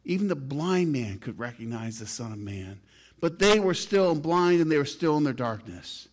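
A man's voice: big pitch swings, moderate pace. A male pastor preaching a sermon, reading scripture aloud, with his voice rising and falling for emphasis. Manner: reads scripture aloud, rises and falls in pitch and volume for emphasis.

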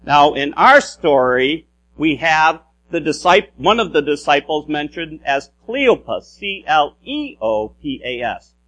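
A man's voice: fairly high pitch, very animated, unhurried, fairly bright tone. A man preaching a sermon in an explanatory manner, often restarting phrases and adding "if you will".

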